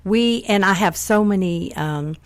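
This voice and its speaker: A woman's voice: mid-range voice, measured pace, no echo. Texan woman, shop owner, dry voice. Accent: Texas. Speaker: antique store owner, guest. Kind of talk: radio interview. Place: small radio studio.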